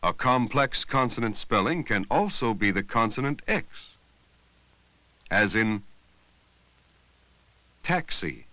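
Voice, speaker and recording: Slow, bright-voiced man narrating a reading lesson. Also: fairly low pitch, big pitch swings, no room sound, poor audio. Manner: slow, deliberate, drawing out words to teach sounds. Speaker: narrator of an educational film. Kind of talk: scripted instructional narration. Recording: dry, close voice-over from an old 16mm film.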